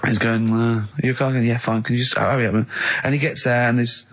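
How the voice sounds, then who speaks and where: A man's voice: mid-range voice, fairly even intonation, fairly quick. A man hosting a comic radio show, playfully telling stories and slipping into silly voices. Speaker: radio host. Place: radio studio.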